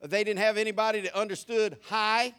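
High, bright preacher man. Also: steady tone, brisk, clean tone. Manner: folksy and humorous, with many stammered restarts. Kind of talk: sermon.

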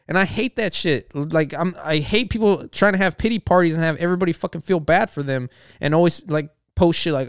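A man's voice: on the high side, fast, hardly any pauses, clean tone, no echo, studio quality. A man who works as a bartender telling a story as a rambling, profane rant full of filler words.

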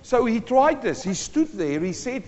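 A man preaching a sermon, telling a story with animated swings between quiet talk and shouting. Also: very high-pitched, measured pace. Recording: long hall reverb, dull lo-fi sound.

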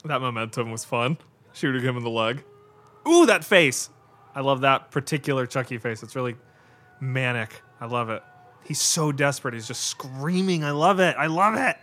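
A man's voice: medium pitch, normal speed, pushed and bright. A man hosting a podcast, giving casual live watch-along commentary on a movie, reacting aloud with exclamations, swearing and laughs. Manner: casual and profane, with lots of fillers like "like" and "God". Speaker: podcast host.

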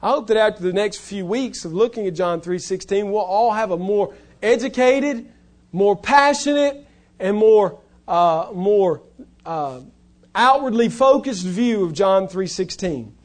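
A male pastor preaching a sermon, stressing key words loudly and then dropping to hushed, low lines. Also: expressive, unhurried.

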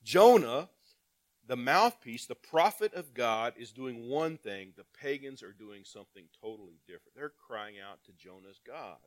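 A male pastor giving a sermon. He reads scripture aloud, asks the congregation rhetorical questions, and swings between loud emphatic calls and quiet asides. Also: medium pitch, animated, measured pace.

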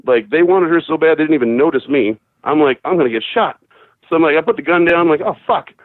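A man's voice: a little high, fast talker, dry recording. Brief: male caller, profane rambling storyteller, tinny phone line, very dry. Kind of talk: casual storytelling.

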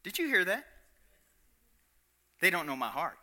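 Very bright-voiced, emphatic male preacher. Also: sits high, very animated, unhurried. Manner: emphatic, repeats lines, asks the audience questions. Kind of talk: sermon.

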